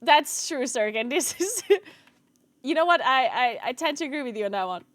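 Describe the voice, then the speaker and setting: A woman's voice: sits high, animated, normal speed, fairly bright tone, no room sound. A woman streamer in casual live-stream chat, often laughing as she reacts to her viewers. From Italy. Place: home streaming setup.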